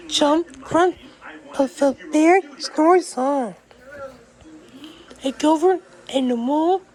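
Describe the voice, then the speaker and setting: A woman reading a picture book aloud in a slow, rhythmic, sing-song way. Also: sits high, a little mellow, rough recording. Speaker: storyteller.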